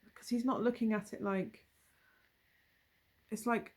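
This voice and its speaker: This woman reads tarot cards in a relaxed, musing way, thinking aloud and trailing off into asides. Her voice sits at an ordinary middle pitch for a woman, and she talks casually to the viewer from a table at home. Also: moderate pace. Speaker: tarot reader. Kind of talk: casual tarot reading to camera.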